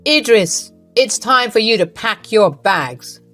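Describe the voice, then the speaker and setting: A woman's voice: medium pitch, animated, takes it slowly, fairly bright tone, faint music behind, pitched above the performer's own voice. A woman reading a stern fed-up husband.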